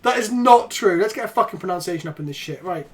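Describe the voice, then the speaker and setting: A young man chatting on a game stream, sweary and quick to get worked up. His pitch swings widely from low mutters to loud outbursts. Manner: sweary, excitable, breaks into shouting and laughter. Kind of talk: casual chat on a game stream.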